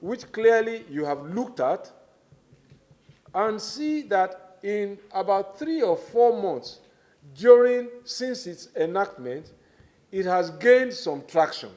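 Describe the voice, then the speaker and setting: Giving formal testimony at a public hearing, a middle-aged Nigerian-accented minister speaks with a high, animated, somewhat mellow voice. His emphasis is measured and deliberate.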